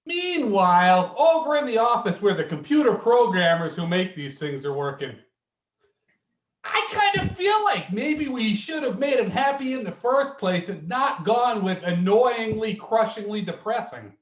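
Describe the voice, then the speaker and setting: A man performing improv comedy over a video call with an animated, exaggerated comic delivery. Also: sits high, unhurried, roomy sound, dull audio.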